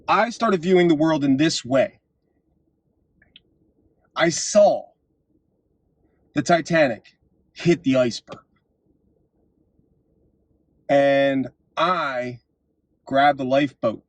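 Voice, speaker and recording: A man hosting his own vlog, delivering an impassioned political monologue and telling stories, his voice swinging up to shouts at the climaxes. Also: medium pitch, slow pace, long pauses, no echo. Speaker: vlog host.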